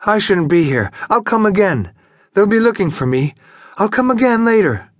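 A man playing a drunken young woman with high, piercing cries. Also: big pitch swings, normal speed, dry recording, clean studio sound. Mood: tipsy, apologetic. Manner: pleading, repeating herself. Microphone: studio microphone, close and dry.

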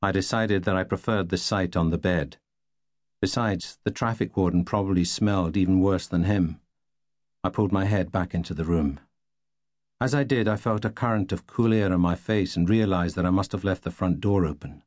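A man reading a novel aloud in the first person, wry and deadpan. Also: sits low, moderate pace, no room sound, clean studio sound. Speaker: audiobook narrator.

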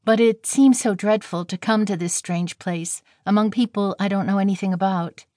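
A woman's voice: medium pitch, fairly even intonation, normal speed, a little mellow, no room sound, studio quality, natural voice. A woman reading the part of a shy, timid young girl who speaks earnestly and anxiously.

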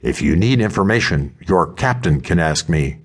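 A man's voice: low-pitched, animated, moderate pace. A man voicing a haughty, rattled male French colonel who snaps and sneers, in an audiobook. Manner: snapping, sneering.

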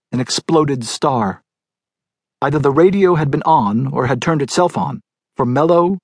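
Husky-voiced male audiobook narrator. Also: mid-range voice, a little mellow, dry recording. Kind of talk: scripted literary narration.

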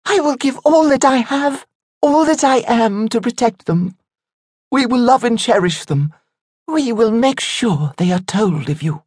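A man's voice: very high voice, lively intonation, a little slow, few pauses, breathy edge, no room sound, clean studio sound, pitched above the performer's own voice, full character voice. A man doing a tearful, vehement young woman swearing loyalty. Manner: vehement, choked, crying out. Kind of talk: audiobook character voice.

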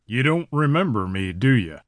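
Man playing a cowboy gunfighter, cold, calm, confident, low snarl, dry close mic. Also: unhurried, no echo. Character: cold, determined male cowboy gunfighter out for justice.

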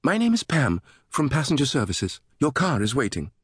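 A man's voice: huge pitch swings, normal speed, slightly rough, no room sound, studio quality. A male narrator voicing a chirpy middle-aged British woman who greets travelers, in a sing-song voice with a British accent. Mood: cheery. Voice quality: sing-song, high and bright.

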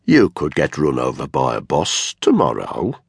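A man's voice: very deep voice, huge pitch swings, measured pace, vocal fry, breathy edge, no echo, clean studio sound, full character voice. A narrator voicing a sneering, bullying blond male unit commander with a crude, mocking manner. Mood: taunting. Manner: mocking, crude, exaggeratedly loud.

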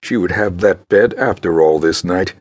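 A man reading an audiobook in a measured, grave storytelling manner. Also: low-pitched, breathy edge. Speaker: audiobook narrator. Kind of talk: scripted narration.

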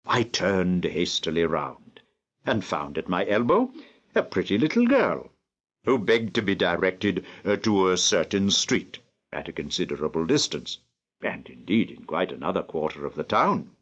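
An older man from England narrates a classic novel in a slow, deliberate, measured way. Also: low voice, slightly rough, highs cut off. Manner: slow, deliberate, lively phrasing. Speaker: audiobook narrator.

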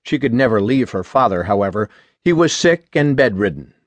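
A man reading an audiobook in a measured, even scripted narration. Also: mid-range voice, no echo.

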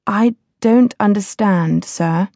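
A woman reading the part of a young English gentleman and gambler who protests in alarm. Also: medium pitch, slow pace, no echo, studio quality. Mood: wary. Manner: startled, protesting.

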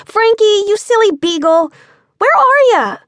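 A woman voicing a bold know-it-all eight-year-old girl in an audiobook, loud and quick to answer. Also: very high-pitched, lively intonation, dry recording, studio quality, voice pushed up. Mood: bossy.

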